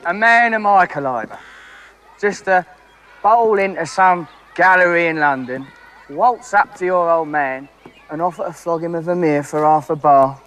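An actor playing a cocky, boastful young con man with cheeky, quick patter. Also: a little high, a bit bright. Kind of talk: film acting.

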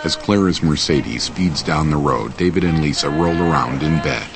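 A man reading scripted audio description in an even, measured way. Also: extremely low pitch.

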